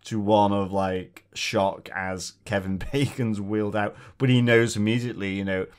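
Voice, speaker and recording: A man with a somewhat low voice co-hosts a relaxed podcast. He retells favorite movie moments with eager, chatty energy. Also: moderate pace, smooth. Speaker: podcast co-host. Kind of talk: casual chat reviewing a film.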